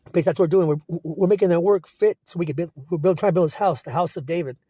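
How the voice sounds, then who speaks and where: A man with a notably high speaking voice talks scripture into his cell phone. He is rough and profane, full of restarts and stumbles, and slows down for the verses. The sound is dry, with no room echo. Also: mellow. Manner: profane, rambling, many restarts; reads verses slowly in old-style diction. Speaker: self-taught scripture teacher. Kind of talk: informal scripture breakdown video.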